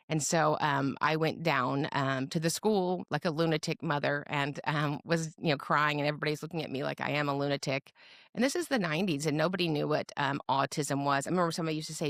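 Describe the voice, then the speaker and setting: A woman's voice: low-pitched, no echo, clean studio sound. A middle-aged woman, a podcast guest and advocate, telling her story with humor and acting out the people she quotes. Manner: lively storyteller who acts out quoted voices with humor. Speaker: guest, special education advocate. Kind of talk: personal storytelling in a podcast interview.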